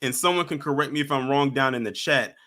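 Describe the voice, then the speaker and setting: Hosting a casual reaction stream, a man reacts to clips and talks straight to his viewers and chat, calling them "y'all" in a conversational way. He's a fast talker with a medium-pitched voice and a sharp tone.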